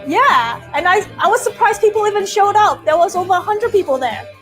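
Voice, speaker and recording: A young woman with a bright, high voice chats casually as a co-host. She talks bluntly and drops quick opinionated asides, with soft music faintly underneath. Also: lively intonation. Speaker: YouTube co-host. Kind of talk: casual chat.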